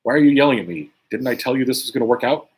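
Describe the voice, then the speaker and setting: A man's voice: mid-range voice, expressive, rapid-fire, husky. A man playing an exasperated, casual God.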